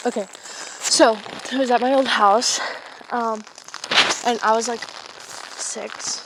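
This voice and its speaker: A woman's voice: on the high side, steady tone, takes it slowly, long pauses. A teenage girl chatting and rambling into a handheld phone while walking her dog outside in the rain. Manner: rambling, giggly, chatty storytelling. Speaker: vlogger. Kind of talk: casual vlog chat. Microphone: handheld phone camera. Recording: rain noise over the voice. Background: rain on an umbrella.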